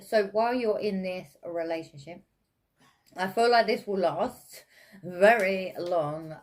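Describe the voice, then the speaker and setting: A woman with an English accent giving a casual, chatty tarot reading, with many fillers and frequent laughs. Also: on the low side. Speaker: tarot reader.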